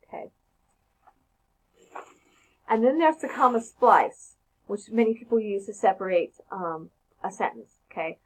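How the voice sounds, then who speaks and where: A woman's voice: medium pitch, lively intonation, measured pace, pauses often, poor audio. A woman teaching a casual grammar lesson, talking conversationally and often checking in with "okay?".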